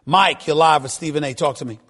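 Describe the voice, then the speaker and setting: Male sports radio host, slightly high voice, emphatic, repeats lines for effect. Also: a little fast. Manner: emphatic, repeats himself, voice shoots up when excited. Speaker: radio talk show host. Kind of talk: sports talk radio, taking calls.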